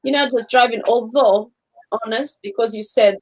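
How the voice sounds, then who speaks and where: Woman co-host, fairly high voice, chatty and a little halting, casual stream talk. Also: darkish tone, rough recording. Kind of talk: casual live chat.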